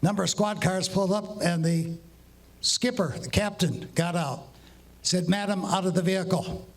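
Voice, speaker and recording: A man with a high voice tells long story jokes to a live crowd. He walks through each setup step by step and acts out the quoted dialogue. He slows down to draw out every punchline. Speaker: walk-on joke teller. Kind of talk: stand-up joke telling.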